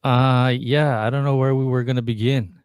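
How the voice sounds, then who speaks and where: A man's voice: medium pitch, fairly even intonation, moderate pace, a little mellow, clear, resonant tone, dry recording, clean studio sound. A man co-hosting a casual podcast over a video call, rambling through his points with lots of restarts. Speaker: podcast co-host. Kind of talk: casual chat.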